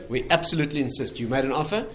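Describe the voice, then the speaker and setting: A rabbi with a mid-range voice speaks very fast, delivering animated anecdotes in a conversational lecture. He laughs at his own punchlines.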